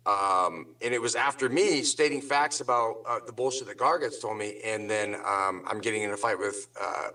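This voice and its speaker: A man's voice: on the low side, normal speed, few pauses, pushed and bright, recorded from a distance, rough recording. A man on a talk show ranting angrily and sarcastically, swearing constantly in loose slang. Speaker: guest on a drama talk show. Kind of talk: heated profane rant.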